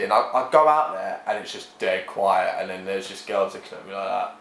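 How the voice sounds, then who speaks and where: A man's voice: low-pitched, brisk, few pauses. A young man on a podcast, telling stories and acting out the voices of others. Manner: animated, acts out voices in anecdotes. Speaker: podcast guest. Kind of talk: casual storytelling chat. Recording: echoey room.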